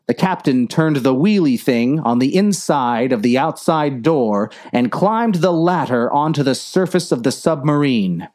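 A woman reading a clumsy war story aloud in a slow, mock-earnest narration. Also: extremely low pitch, animated, darkish tone. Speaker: story reader.

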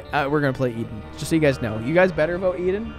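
A man's voice: a little high, expressive, fast, faint music behind. A young man streaming a game, chatting casually with viewers and rambling with lots of fillers. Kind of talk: casual live-stream chat.

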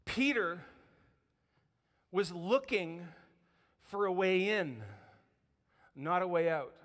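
A man with a fairly high voice preaches in a church. He tells the story with lively energy and puts on voices for the quotes. A long reverb from the hall trails behind his words. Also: slow. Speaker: pastor. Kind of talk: sermon. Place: church sanctuary.

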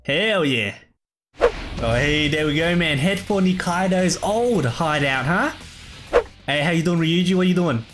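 A man's voice: fairly high pitch, lively intonation, measured pace. A man giving easygoing let's play commentary, laughing often and calling everyone bro. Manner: laid-back, calls everyone bro, laughs a lot. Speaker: gamer. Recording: game music behind. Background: game music.

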